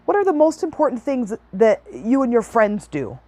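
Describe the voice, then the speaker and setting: A woman hosting a motivational podcast, talking in energetic bursts and acting out the people she quotes. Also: a little high, normal speed, no room sound. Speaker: podcast host and life coach.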